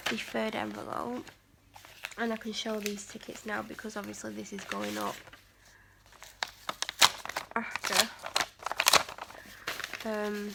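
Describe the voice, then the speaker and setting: A woman's voice: on the high side, gravelly, noisy background. A woman from England chatting casually in her vlog, rambling along with lots of "like" fillers and sometimes dropping almost to a whisper. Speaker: vlogger.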